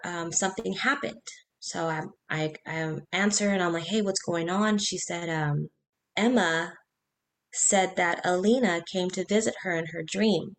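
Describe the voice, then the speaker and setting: A woman in her thirties, appearing as an interview guest, shares a personal story earnestly but haltingly, restarting and quoting what people said. Her pitch is fairly low.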